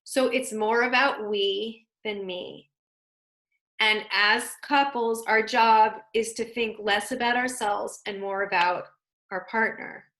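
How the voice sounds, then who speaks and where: A woman leading a relationship class, talking in an easy, conversational way at a middle pitch. She now and then acts out what spouses say to each other. Her voice carries a roomy echo. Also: steady tone, slow, fairly bright tone. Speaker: relationship teacher. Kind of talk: online class lecture.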